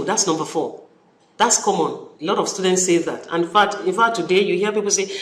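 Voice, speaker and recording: A university lecturer with a Nigerian English accent giving a recorded study-session lecture, animated, repeating key phrases and acting out example sentences. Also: medium pitch, fairly quick. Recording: echoey room.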